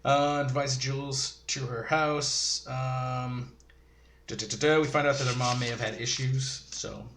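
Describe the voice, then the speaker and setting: A man's voice: medium pitch, flat delivery, measured pace, few pauses, a bit bright, slight background noise. A man giving a rambling, casual episode recap, full of fillers and chuckling asides. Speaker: show reviewer. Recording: roomy echo.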